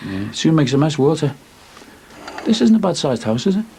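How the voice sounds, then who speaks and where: A man's voice: a little high, sing-song, moderate pace, gravelly, mellow, a little hiss or hum. A middle-aged man, playing a chatty, dry-humoured handyman in a 1990s TV soap.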